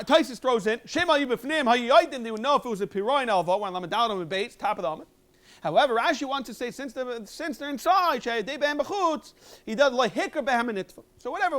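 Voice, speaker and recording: A man, a rabbi teaching a Talmud review class and explaining in a quick, animated way. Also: high voice. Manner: quick, animated explaining with sudden emphatic jumps. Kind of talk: Talmud lecture, English mixed with Hebrew and Aramaic terms.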